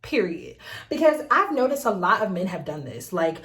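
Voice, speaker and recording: Brief: young adult woman, storytime vlogger, sassy and animated, mid-range voice. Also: medium pitch, moderate pace. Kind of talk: storytime vlog.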